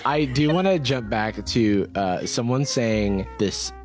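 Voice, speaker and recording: A man's voice: mid-range voice, lively intonation, takes it slowly, faint music behind. A man co-hosting a podcast, talking casually with lots of fillers and restarts. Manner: rambling, many fillers and restarts. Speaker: podcast co-host. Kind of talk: casual chat.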